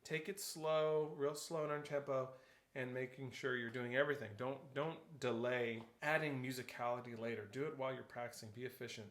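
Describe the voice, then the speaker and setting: A man's voice: medium pitch, steady tone, fairly quick, fairly bright tone. A man teaching a percussion lesson, explaining step by step, counting aloud and calling out notes and stickings. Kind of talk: instructional tutorial. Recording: echoey room with faint noise.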